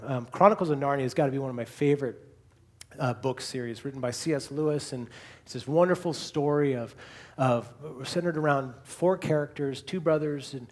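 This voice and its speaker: A man's voice: medium pitch, normal speed, long pauses, a little mellow, slightly rough. A male pastor preaching a sermon and closing in prayer, building to emphatic repeated lines and then falling to a near whisper.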